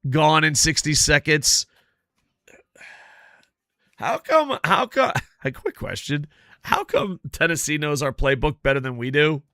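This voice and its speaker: A man hosts a gaming live stream, talking to his chat as he plays. His voice sits a little high and sounds bright and forceful, and he swears freely as he rambles from one tangent to the next. The sound is close and dry. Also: moderate pace, dry recording. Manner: profane, rambling, animated storyteller; chats with viewers while playing. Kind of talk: casual live-stream chat over gameplay.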